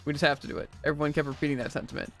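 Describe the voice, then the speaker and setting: Fast-reading male streamer, higher voice. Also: fairly even intonation, a bit bright, faint music behind. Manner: reads every character's lines himself, with jokey asides. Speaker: streamer reading a visual novel aloud. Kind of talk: let's play, reading game dialogue aloud.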